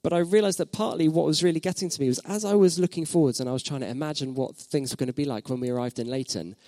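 Fairly high-voiced for a man and mellow in tone, a pastor in his thirties preaches at a quick pace. He reflects, asks the congregation questions, and repeats phrases to make them stick. The recording is dry and close-up.

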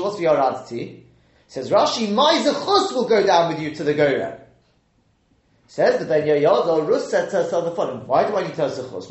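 A man teaching a live Torah class, acting out the speakers he quotes and often correcting himself mid-sentence. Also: fairly high pitch. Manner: lively, dramatizes quoted speakers, frequent self-corrections. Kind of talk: live Torah study lecture. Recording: roomy echo.

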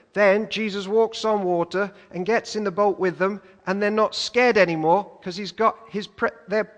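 A man preaches a sermon, high-voiced and animated. He jokes and slips into playful voices as he retells stories. His voice rings through a church hall with a long echo. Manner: lively, joking, acts out voices in retelling.

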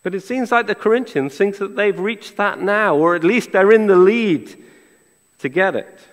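Higher-voiced male preacher, echoing church. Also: normal speed. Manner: conversational, playfully sarcastic, rhetorical questions. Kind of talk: sermon.

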